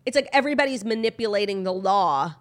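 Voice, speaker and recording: A woman co-hosting a podcast, chatting about celebrity gossip in an animated, opinionated way and saying "like" a lot. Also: medium pitch, fast. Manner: opinionated, animated, heavy use of "like". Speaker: podcast co-host. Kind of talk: casual celebrity gossip chat.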